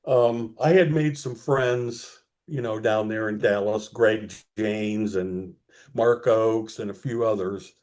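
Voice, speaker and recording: Man, interview guest, slow, rambling storyteller, filler words. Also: lowish voice, fairly even intonation, a little mellow. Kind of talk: telling anecdotes in an interview.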